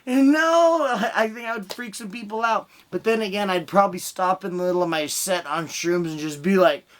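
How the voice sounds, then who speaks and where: A man's voice: high-pitched, fairly even intonation, brisk, fairly bright tone, a little hiss or hum. A young man doing a stand-up set over a video call, rambling through crude stories. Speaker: stand-up comedian.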